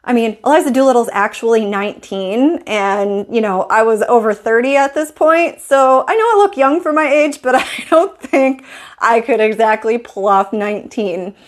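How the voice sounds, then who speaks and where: A woman's voice: fairly high pitch, lively intonation, normal speed. A woman style coach telling a personal story in a vlog, acting out her own inner thoughts as she goes.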